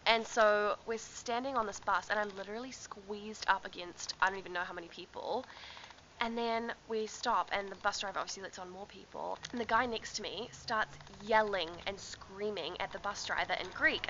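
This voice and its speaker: A woman's voice: medium pitch, normal speed, bright, forceful tone, dull audio, slight background noise. A young woman telling a travel story to her camera in a chatty vlog, laughing often and filling with ums and likes. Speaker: travel vlogger. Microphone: handheld camera.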